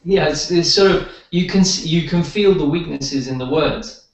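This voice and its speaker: A man's voice: a little high, moderate pace. A man telling rambling stories in casual conversation, with many restarts, as a guest healer. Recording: roomy dull sound from far off.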